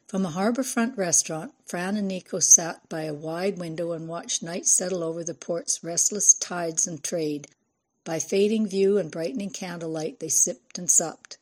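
A woman's voice: on the low side, moderate pace, a little mellow. A woman narrating a novel in a scripted reading voice. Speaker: audiobook narrator.

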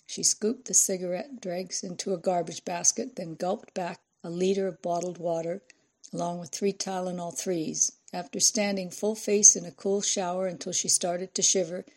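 A woman reads a novel aloud in measured, expressive narration. Her voice sits low with a husky grain and a gravelly fry at phrase ends. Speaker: audiobook narrator. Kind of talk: scripted audiobook narration.

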